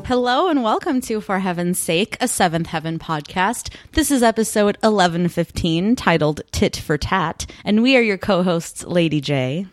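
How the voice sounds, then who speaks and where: Animated woman podcast co-host. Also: fairly low pitch, normal speed, hardly any pauses, soft background music. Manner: animated, swearing, frequent "like". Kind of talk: casual chat.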